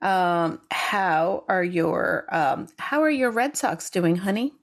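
A woman's voice: fairly low pitch, lively intonation, slow, vocal fry. A woman with a New York accent, chatting casually with her co-host and playfully defending herself. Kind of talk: casual chat.

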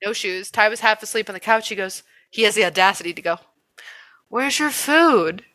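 Bright, animated young woman telling a story. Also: medium pitch, fast. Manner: animated storytelling, heavy swearing. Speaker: podcast co-host. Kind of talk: casual chat.

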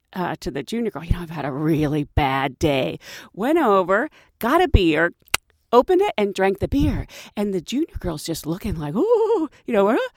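Female flight attendant swapping stories; expressive, laughs easily, dry recording. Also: mid-range voice, no echo. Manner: animated, laughing storyteller. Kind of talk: casual storytelling.

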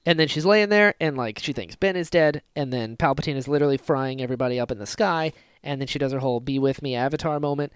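A man co-hosting a casual fan podcast, talking excitedly and acting out scenes with sudden loud bursts. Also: mid-range voice, quick pace, hardly any pauses, smooth, no echo, clean studio sound. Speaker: podcast co-host.

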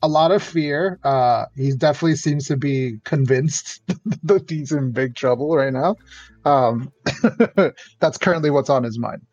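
A man's voice: medium pitch, unhurried, darkish tone, no echo. A man narrating as game master, easygoing with frequent fillers, on dull lo-fi audio. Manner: laughs often, hesitant fillers.

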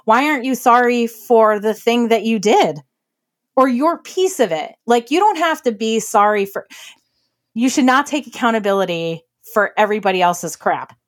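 A woman co-hosting a podcast, giving relationship advice in casual chat with an earnest, emphatic manner and quick laughs. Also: fairly high pitch, expressive. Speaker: podcast co-host.

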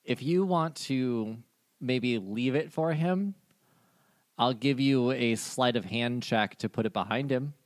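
A man's voice: mid-range voice, slow, no room sound, studio quality. A man narrating a tabletop game as game master, speaking in a loose, hesitant way with many fillers.

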